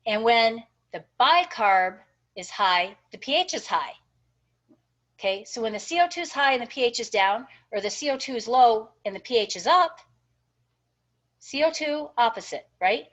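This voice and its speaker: This nursing instructor's voice is fairly high and bright, animated and moderately paced, as she teaches a class in a dull lo-fi lecture recording. Encouraging throughout, she checks in with her students constantly through frequent "okay?" and "right?"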